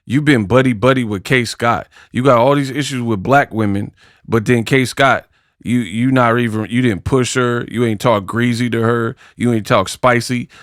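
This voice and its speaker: A man's voice: medium pitch, fairly even intonation, normal speed, fairly bright tone, no room sound, studio quality. Mocking man giving slangy boxing commentary. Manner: mocking, slangy, laughs at clips. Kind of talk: casual commentary reacting to clips.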